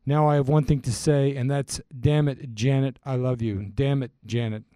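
Man reading earnest young groom-to-be, mellow tone, dry close sound, lyrics spoken as verse. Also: medium pitch, steady tone, normal speed, smooth, dry recording, close to an everyday voice.

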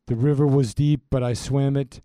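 A man's voice: medium pitch, fairly even intonation, moderate pace, dark tone, clean tone, no room sound, lightly acted. Brad, an earnest young man in love, read by a man. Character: earnest young male groom-to-be.

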